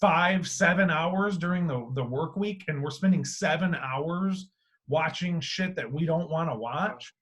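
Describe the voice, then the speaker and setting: Man, podcast host, animated, swears a lot, fairly high voice. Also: unhurried. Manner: animated, swears freely, swings loud and quiet. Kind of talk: casual podcast chat.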